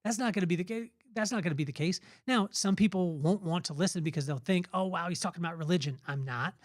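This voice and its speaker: Male podcast host, middle-aged, earnest and preachy, telling stories off the cuff, bit of a higher voice. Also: quick pace, no room sound, clean studio sound. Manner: earnest, preachy, spontaneous storytelling. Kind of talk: motivational faith talk.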